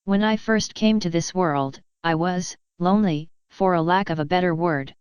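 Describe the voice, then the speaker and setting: A woman's voice: lowish voice, moderate pace, darkish tone, clean tone, dry recording, muffled recording, lightly acted. A woman doing a regal warrior pony princess. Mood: gentle. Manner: formal, regal speech. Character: stern warrior pony princess, commanding yet tender.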